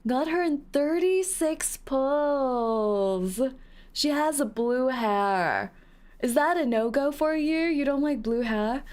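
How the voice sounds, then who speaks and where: A woman's voice: high voice, slow pace, a little mellow. A woman streamer chatting playfully with her viewers, teasing and laughing as she reads comments aloud. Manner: playful, giggly, teasing, reading chat aloud. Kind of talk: casual live-stream chat while playing a game.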